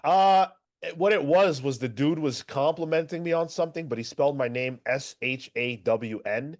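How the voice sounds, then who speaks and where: A man co-hosting a comics podcast, reading chat and ranting in an animated, exasperated way. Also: a little high, normal speed. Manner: animated, swears, exasperated rants. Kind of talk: casual chat.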